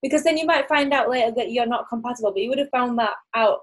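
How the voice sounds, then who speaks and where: A woman's voice: fairly high pitch, fast, rough recording. A woman chatting casually, asking questions and giggling often. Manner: giggly, asks questions lightly. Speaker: podcast co-host asking questions. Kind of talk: casual chat.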